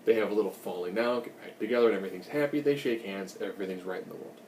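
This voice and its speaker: A man's voice: on the low side, very fast, darkish tone, roomy sound, far from the mic, a little hiss or hum. A man giving a casual, rambling recap of a TV episode, with joking asides. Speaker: recap host.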